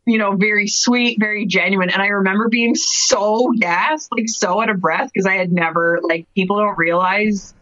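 A woman in her thirties from Cape Breton, telling stories casually in an interview, full of "like"s and quick laughs. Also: mid-range voice, a bit bright, dry recording. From Canada, Cape Breton. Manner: chatty storyteller, many "like"s, laughs often. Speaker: guest wrestler. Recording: dry, dull lo-fi podcast audio.

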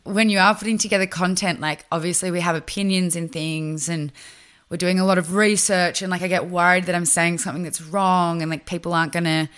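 A woman's voice: fairly low pitch, fairly even intonation, a little fast, fairly bright tone, clear, resonant tone. A young Australian woman co-hosting a podcast, talking in a frank, chatty way and laughing often. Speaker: podcast co-host. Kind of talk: casual chat.

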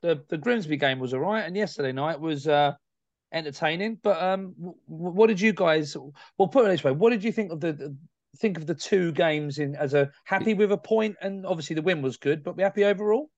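Male co-host, fast and teasing, slightly higher voice, muffled lo-fi sound. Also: dry recording. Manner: teasing, blunt quips. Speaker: podcast host. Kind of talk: casual football podcast chat. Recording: dull, dry lo-fi sound.

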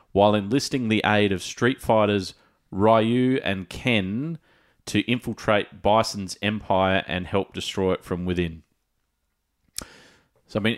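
A man with a deep, low voice, chatting on a gaming podcast. He tells stories with an easy, chatty manner and breaks into laughter at his own jokes. His delivery is relaxed and conversational. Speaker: podcast co-host. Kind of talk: casual gaming podcast chat.

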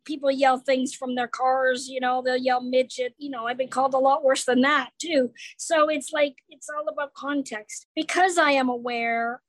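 A woman comedian talks in a relaxed interview, her voice high and bright. She slips into the voices of the people in her stories as she tells them. The sound is dry and close, with no room around it. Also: moderate pace, hardly any pauses, no echo, poor audio. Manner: animated storyteller acting out quoted people. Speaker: comedian guest. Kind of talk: casual interview chat.

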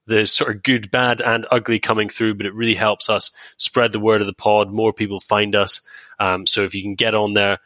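Wry low-voiced podcast host. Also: male voice, flat delivery, moderate pace, pushed and bright, no echo. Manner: wry, chatty, reading out plugs with many ums. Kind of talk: casual podcast chat.

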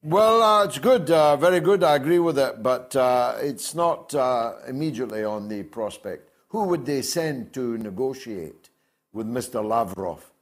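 A man's voice: medium pitch, lively intonation, measured pace. An older man hosting a call-in show, combative and mocking, reading viewer comments aloud. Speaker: host. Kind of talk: opinionated call-in show talk.

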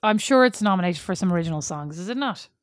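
A woman's voice: on the low side, lively intonation, quick pace, dry recording, studio quality. A woman co-hosting a podcast, playful and teasing as she sidetracks a film review. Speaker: podcast co-host. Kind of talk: casual chat reviewing a film.

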